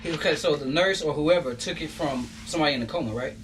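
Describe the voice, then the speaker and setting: A man's voice: fairly high pitch, fast talker, a bit bright, a little hiss or hum, rough recording. A man co-hosting a casual podcast, contrary and full of dry quips. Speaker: podcast co-host. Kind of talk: casual chat.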